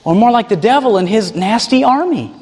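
Male preacher, high voice, animated sermon delivery, reverberant hall. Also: fairly quick. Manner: animated, mocking put-on voices for examples.

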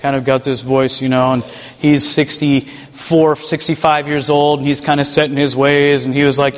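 A man who leads a ministry tells a personal testimony in an animated way and chuckles as he goes. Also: mid-range voice, moderate pace, long reverb tail. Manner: animated, chuckles while telling stories. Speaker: ministry leader.

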